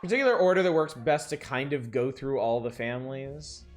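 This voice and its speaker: A man's voice: medium pitch, a little fast, faint music behind. A man streaming a role-playing game, casually musing through plans with hesitant restarts. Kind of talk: let's-play commentary.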